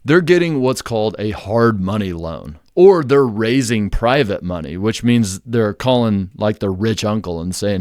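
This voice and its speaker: A man's voice: lowish voice, lively intonation, unhurried, few pauses, a little mellow, dry recording, studio quality. A man, hosting a real estate investing channel, explaining in a blunt, conversational and emphatic way. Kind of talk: casual explainer to camera.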